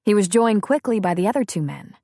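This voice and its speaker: A woman reads an audiobook aloud in a steady, measured storytelling style. Her voice sits in the mid range, and the clean studio recording has no echo. It is scripted narration.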